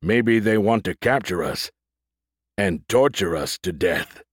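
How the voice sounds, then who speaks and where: A man's voice: low-pitched, expressive, takes it slowly, slightly rough, no echo, clean studio sound, heavily acted. A man narrating an audiobook voices a cocky male battle android who jokes and stammers through his lines. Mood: grim joking. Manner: cocky, joking banter with stammered "R-, Roger".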